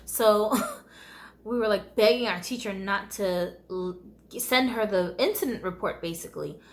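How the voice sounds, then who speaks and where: A woman's voice: mid-range voice, measured pace. A woman from the United States telling her life story in a candid, conversational vlog, often laughing wryly.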